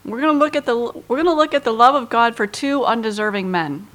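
A woman's voice: on the high side, expressive, quick pace, a bit bright. A woman teaching a Bible passage in a conversational way, with frequent fillers and acted-out quotes. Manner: conversational, lots of you-knows, acts out quoted lines with feeling.

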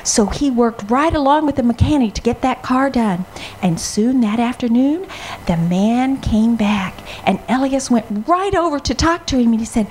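A woman telling a children's story in an expressive, dramatic way, gasping and pausing for effect. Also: a little high, slight background noise.

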